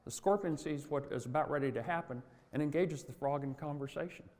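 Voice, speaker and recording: A man's voice: fairly high pitch, brisk, darkish tone, in a large hall. An older man giving a motivational talk on workplace culture, telling stories in a folksy way with asides.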